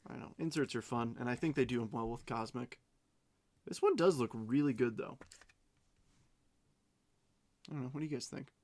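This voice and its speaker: A man's voice: medium pitch, darkish tone. Chatty man opening cards live. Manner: chatty and unhurried, reading out names as he goes; playful self-mocking asides. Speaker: card break host. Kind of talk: casual live card-opening commentary.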